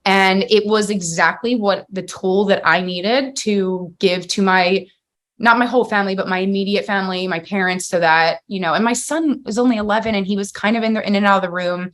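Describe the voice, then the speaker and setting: A woman's voice: medium pitch, a little fast. Rambling, heartfelt woman podcast host. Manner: heartfelt, rambling storytelling with many fillers and restarts. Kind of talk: casual podcast conversation.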